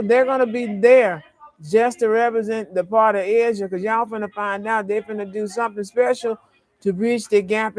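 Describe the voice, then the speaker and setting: A man delivering a rambling, stream-of-consciousness spiritual monologue to his followers, often repeating himself. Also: high-pitched. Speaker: vlogger.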